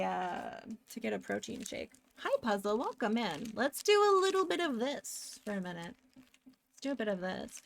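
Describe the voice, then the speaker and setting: A woman's voice: mid-range voice, a bit bright. A woman streaming live while she draws pixel art, chatting casually, rambling off on tangents and answering her chat.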